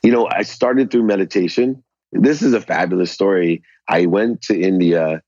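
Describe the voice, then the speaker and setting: A deep-voiced man with a husky edge, telling his story as an interview guest. He is animated and acts out the dialogue in his tale. The sound is dry and a little muffled. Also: normal speed, dry recording. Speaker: podcast guest.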